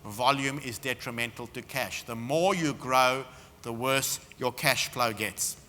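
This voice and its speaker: A man's voice: medium pitch, a little slow, pushed and bright. A man giving a business seminar talk, emphatic and punchy as he tells stories to the room. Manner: emphatic, punchy storytelling delivery. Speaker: seminar speaker. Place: expo seminar hall. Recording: reverberant hall.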